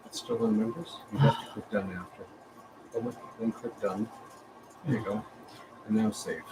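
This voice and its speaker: A man helping with a livestream off-mic, calmly giving quick step-by-step instructions. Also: on the low side, background noise. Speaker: co-host helping with the stream.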